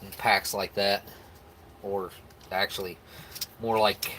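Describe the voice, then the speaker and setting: A man from the States talks in a relaxed, rambling way as he hosts a live stream, answering viewer comments. His voice sits a little low, and a faint hum of room noise runs underneath. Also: takes it slowly. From United States. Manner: rambling, easygoing, with frequent restarts and laughs. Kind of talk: casual chat reacting to viewer comments.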